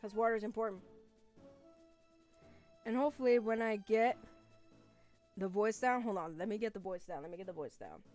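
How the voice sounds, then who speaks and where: A young woman streaming a game, chatting casually with viewers, giggly and excitable. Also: medium pitch, moderate pace, pauses often, soft background music. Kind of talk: casual gaming stream chat.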